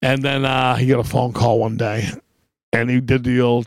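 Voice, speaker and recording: A middle-aged man co-hosting a podcast, telling profane, animated stories in casual chat. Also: medium pitch, brisk, gravelly, no room sound, clean studio sound. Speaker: podcast co-host.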